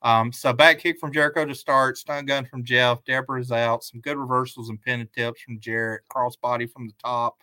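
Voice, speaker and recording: Bright-voiced man recapping wrestling casually. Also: mid-range voice, flat delivery, normal speed, few pauses, dry recording. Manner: rambling, with many fillers and restarts. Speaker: podcast co-host. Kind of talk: casual chat, match recap.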